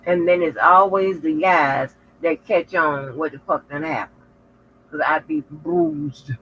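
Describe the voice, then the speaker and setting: A woman's voice: deep voice, fairly even intonation, a little slow, a bit bright, husky. Frank, profane woman vlogger, lo-fi. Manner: frank, profane, chatty storytelling. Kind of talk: casual chat to viewers. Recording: lo-fi with faint noise.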